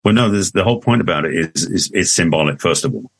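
A man's voice: low-pitched, expressive, fast talker, breathy edge, dry recording. An Englishman in his sixties, a guest telling his story in a rambling, casual way with frequent restarts. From England. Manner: rambling, restarts often, laughs easily. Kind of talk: casual interview conversation.

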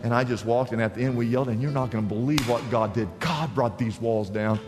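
A man's voice: mid-range voice, fast, big-room sound, over music. A man pastor preaching a sermon, telling stories animatedly and acting out the people he quotes.

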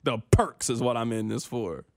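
A man's voice: mid-range voice, animated, normal speed, mellow, dry recording. A young man hosting a sports talk radio show, bantering and complaining in a playful, self-mocking way into a studio microphone.

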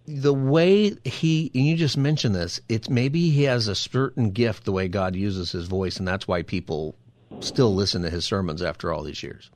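A man's voice: deep voice, moderate pace. A man hosting a call-in radio show as a pastor, talking in an earnest, conversational way. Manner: earnest, conversational, repeats phone number.

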